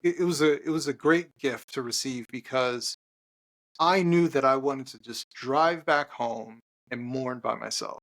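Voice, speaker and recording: In a mid-range, fairly bright voice, an author on a podcast shares a sincere personal story. His conversational delivery stumbles along with restarts and filler words.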